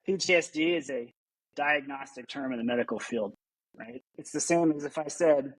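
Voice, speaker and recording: A man's voice: a little high, moderate pace, dry recording, poor audio. A man, a military veteran, talking earnestly in an interview and explaining things at length, often repeating himself. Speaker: podcast guest, military veteran. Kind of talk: conversational interview answer.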